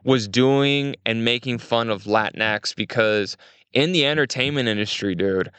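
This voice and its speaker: A young adult man, chatting casually as a podcast guest, animated and acting out quotes with big pitch jumps. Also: a little slow, clear, resonant tone, no room sound. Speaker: creative director, guest.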